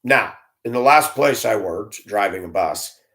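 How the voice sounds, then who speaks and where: A man's voice: fairly low pitch, unhurried, creaky. Blunt, grumbling middle-aged man ranting. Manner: animated, blunt, swears, grumbling. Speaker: school bus driver. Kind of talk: ranting monologue.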